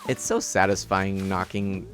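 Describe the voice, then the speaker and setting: A man with a deep, slightly bright voice streams a life-sim game casually and without hurry, while faint music plays behind him. He chats and laughs, reading chat aloud and explaining his setup.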